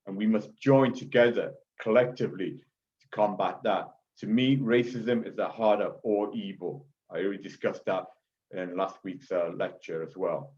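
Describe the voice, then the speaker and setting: Forceful man lecturing over lo-fi audio. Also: on the low side, normal speed. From Chinese. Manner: forceful, repetitive, frequent "okay?" asides. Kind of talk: emphatic lecture. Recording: dull lo-fi audio.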